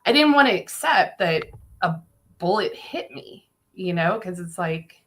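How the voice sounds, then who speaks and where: A woman casually telling a story on a podcast, animated, swearing and laughing as she goes. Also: on the low side, measured pace.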